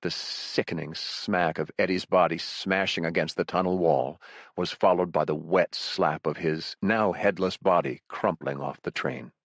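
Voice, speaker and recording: Deep-voiced male audiobook narrator. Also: unhurried, dry recording, clean studio sound. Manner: dramatic, steady storytelling. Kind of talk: scripted narration.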